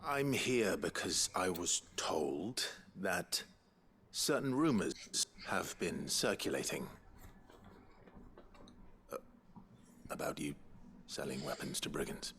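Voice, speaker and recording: A man's voice: low voice, very animated, slow pace, pauses often, fairly bright tone, slight background noise, exaggerated voice. An actor playing an earnest young swordsman who speaks politely and hesitantly, a bit awkward.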